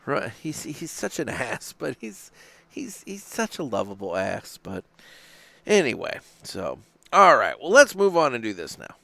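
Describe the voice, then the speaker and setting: A man's voice: mid-range voice, measured pace, gravelly, no echo. A man hosting a cigar podcast in casual chat, rambling, swearing and restarting his sentences as he talks about what he has been watching. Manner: rambling, profane, animated, many restarts. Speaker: podcast host. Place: small studio. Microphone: studio microphone.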